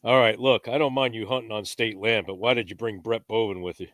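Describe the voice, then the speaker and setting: A man hosting a podcast, teasing his guest and telling a story in a relaxed, joking way. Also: fairly low pitch, fast talker, dry recording. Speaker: podcast host. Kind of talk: joking casual chat and anecdote.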